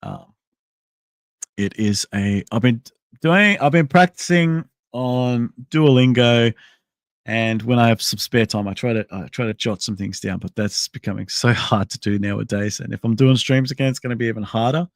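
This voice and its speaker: A man's voice: mid-range voice, normal speed, no echo. Rambling man chatting on a livestream. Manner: rambling, thinking aloud with many restarts; replies to chat messages. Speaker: livestream host. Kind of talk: casual livestream chat.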